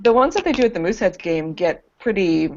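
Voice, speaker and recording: A woman's voice: medium pitch, expressive, fast talker. A woman on a casual online panel, chatting with dry, wry remarks. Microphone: video call. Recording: dull lo-fi web call with faint hiss.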